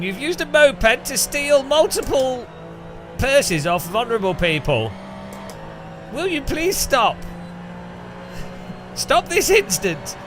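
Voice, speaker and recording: A man voicing a prim British officer who scolds in a shrill, fussy way, with music playing behind. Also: heavily acted.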